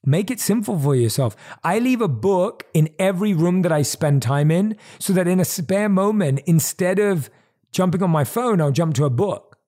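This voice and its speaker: A man's voice: sits high, animated, normal speed, dark tone. A man hosting a podcast, giving earnest motivational advice and repeating his key points at a desk microphone. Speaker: podcast host. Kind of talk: motivational monologue. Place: home recording desk.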